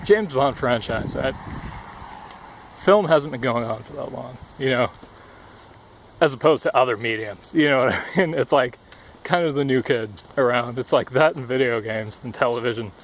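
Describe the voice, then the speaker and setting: A young man with a medium-pitched voice speaks at normal speed in an outdoor vlog beside a busy road. Breathless, he rambles on casually, dropping fillers and curses often. The sound comes through a headphone cord mic, with faint traffic noise and passing cars behind him.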